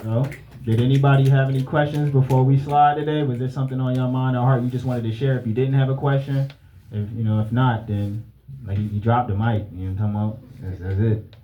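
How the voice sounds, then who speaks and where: Relaxed male host inviting questions. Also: mid-range voice, fast talker, dull audio, a little hiss or hum. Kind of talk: hosting an audience Q&A.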